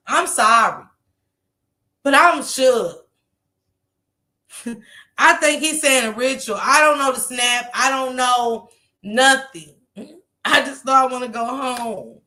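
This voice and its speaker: A woman on a call, casually telling a story in animated fashion, laughing and swearing. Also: fairly high pitch.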